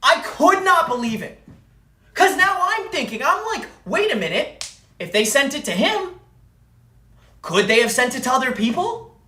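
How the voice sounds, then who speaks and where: A woman's voice: sits high, sing-song, moderate pace, pauses often, sharp tone, echoey room. A woman streamer telling a story in an angry, profane rant, repeating phrases for emphasis. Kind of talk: ranting live-stream story.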